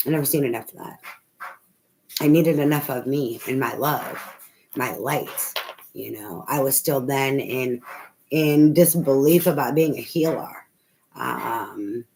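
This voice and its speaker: Rambling, foul-mouthed woman tarot reader. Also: extremely low pitch. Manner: rambling, swears freely, laughs often. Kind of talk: casual spoken tarot reading. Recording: noisy home recording.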